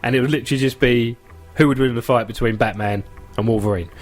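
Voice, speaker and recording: A man's voice: mid-range voice, quick pace, soft background music. A man hosting a live comedy radio show about films, talking casually and animatedly and laughing often. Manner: animated, laughs often, acts out scenes in voices. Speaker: podcast host.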